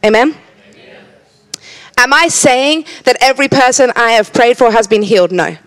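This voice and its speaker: A woman's voice: fairly high pitch, normal speed, a bit bright. A woman preaching a sermon in a church, earnest, often repeating words as she starts a thought and teasing the congregation now and then.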